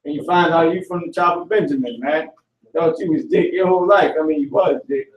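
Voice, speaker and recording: A man teaching a live online language class, talking casually with slang and repeating words slowly to drill pronunciation. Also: fairly high pitch, dull audio. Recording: echoey room, far from the mic.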